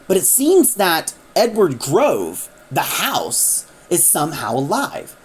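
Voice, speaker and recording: A woman's voice: lowish voice, huge pitch swings, takes it slowly, breathy edge. A woman casually retelling a story in a chatty way, acting out the characters as she goes.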